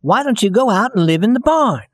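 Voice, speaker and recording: A man voicing a kind, gentle female rag doll in a storybook reading, speaking earnestly. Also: sits high, animated, a little fast, dry recording, studio quality, pitched above the performer's own voice.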